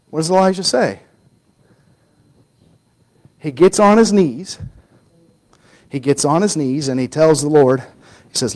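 High-voiced animated man preaching a sermon. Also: unhurried, long pauses, low-quality recording. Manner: animated storytelling, acting out quoted voices, drops to a near-whisper for emphasis.

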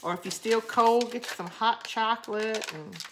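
A woman's voice: fairly high pitch, normal speed, noisy background. A woman with a Southern US drawl, hosting a craft channel in rambling, chatty talk while she answers viewer comments. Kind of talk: casual live crafting chat.

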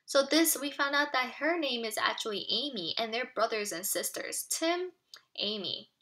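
Bright-voiced woman teaching kids. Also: fairly high pitch, animated, normal speed. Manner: explanatory, clear and patient. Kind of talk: children's read-aloud lesson.

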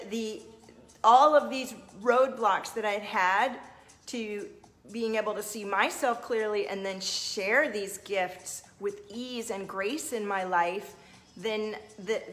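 A woman's voice: mid-range voice, a bit bright. A woman hosting a livestream as a spiritual coach, talking earnestly and answering viewers' comments.

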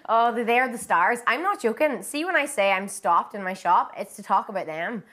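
A woman's voice: mid-range voice, animated, brisk, a bit bright. A young woman with a Northern Irish accent, chatting as a singer guest in a bubbly, giggly way. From Derry, Northern Ireland. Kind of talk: casual interview chat.

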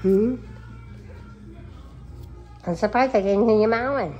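A woman's voice: mid-range voice, slow pace, soft background music. A woman talking baby talk to her cats at home, cooing and sometimes dropping to a whisper. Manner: cooing, affectionate, drifting into soft whispers. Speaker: cat owner filming her pets. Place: home, indoors.

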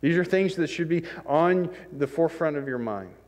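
In a church sanctuary with long hall reverb, a man preaches a conversational, self-deprecating sermon, acting out the scenes he describes. His voice is on the high side and darkish in tone, animated and at a normal speed.

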